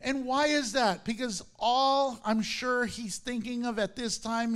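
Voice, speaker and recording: A man preaching a sermon, telling the story in an animated way, acting out its characters, and laughing often. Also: extremely high pitch, measured pace, hardly any pauses, clear, resonant tone.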